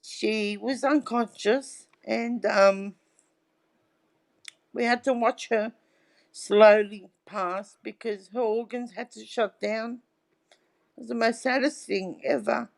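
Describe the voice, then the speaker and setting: Brief: middle-aged woman guest, higher voice, unhurried chatty storyteller. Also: steady tone, creaky. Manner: chatty storyteller, tags lines with "right?". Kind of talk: casual interview chat.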